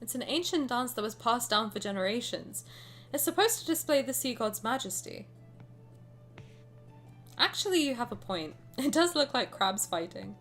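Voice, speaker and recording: A woman's voice: a little high, a bit bright. A woman streamer chatting and joking casually while reading game dialogue aloud. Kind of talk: casual gaming commentary. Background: faint game music.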